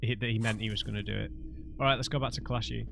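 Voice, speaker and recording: A man's voice: lowish voice, steady tone, rapid-fire, creaky, noisy background. A man hosting a let's play, commenting on the game in a rambling, hesitant, chatty way. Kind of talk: casual gameplay commentary.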